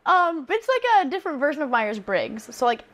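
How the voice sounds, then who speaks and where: A young woman, a former teacher, chatting casually and telling animated stories. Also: high voice, normal speed, a crowd in the background. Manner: animated, laughs through her stories, acts out quotes. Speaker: podcast co-host, former teacher. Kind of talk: casual chat, storytelling.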